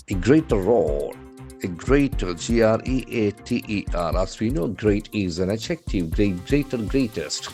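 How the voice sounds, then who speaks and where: A man with an Indian English accent teaching English words from a newspaper, spelling them out letter by letter and repeating each word slowly. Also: low voice, darkish tone. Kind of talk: newspaper vocabulary lesson.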